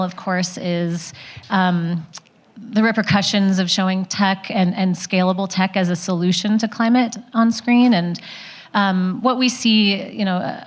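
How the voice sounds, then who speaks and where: A woman in the audience asking a panel a question, hesitant and full of ums. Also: mid-range voice. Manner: hesitant, many ums and restarts. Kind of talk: question from the floor.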